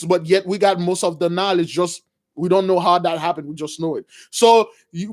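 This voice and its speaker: A man preaching in an informal, animated way, retelling scripture with slang and bursts of shouting. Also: high voice. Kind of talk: informal religious storytelling.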